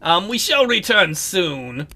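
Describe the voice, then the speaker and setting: A man's voice: sits high, very animated, slow pace, pushed and bright. A man hosting a casual let's play, commenting on a game in a jokey, upbeat way.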